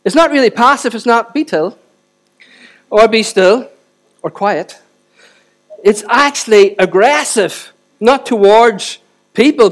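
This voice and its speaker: A middle-aged man preaching a sermon and leading prayer, animated, with joking asides and rising emphasis. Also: sits high. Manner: animated, self-deprecating asides, builds to forceful emphasis. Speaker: pastor.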